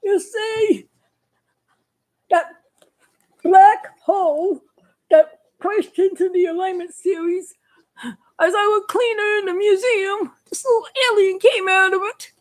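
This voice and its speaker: A woman's voice: extremely high pitch, steady tone, slow pace, pauses often, voice pushed up, low-quality recording. Woman doing a frazzled cartoon astronaut. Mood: pleading. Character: frazzled male cartoon astronaut, sleepless and fretful.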